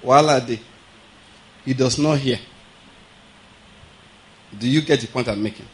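Male preacher, mid-pitched, chatty sermon delivery with constant check-ins. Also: measured pace, low-quality recording. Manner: conversational teaching with frequent check-ins and chuckles.

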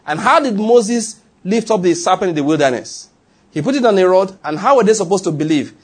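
A man's voice: sits high, animated, a little fast, husky. A man preaching a sermon, teaching with emphatic repetition and reading scripture aloud.

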